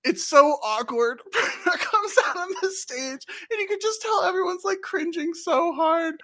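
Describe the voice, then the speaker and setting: A woman's voice: very high voice, lively intonation, unhurried, sharp tone. A woman co-hosting a podcast who laughs often and gushes about a TV episode in casual chat. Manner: laughs often, gushing, filler-heavy. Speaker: podcast co-host.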